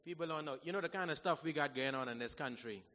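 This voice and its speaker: A man preaching a sermon in a church hall, folksy and animated, swinging from shouts to low asides. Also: fast talker, a little hiss or hum. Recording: long hall reverb.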